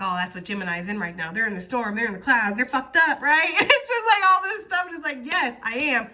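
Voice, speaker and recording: Woman tarot reader, casual and profane, bright voice, a bit high. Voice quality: profane, chatty, animated.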